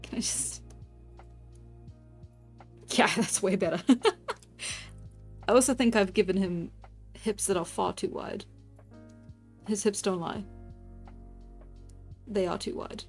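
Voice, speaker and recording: A woman's voice: medium pitch, slow pace, long pauses, a little mellow. A woman chatting casually with her stream audience while she draws, giggling often and reacting to chat. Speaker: live-streaming artist. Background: faint background music.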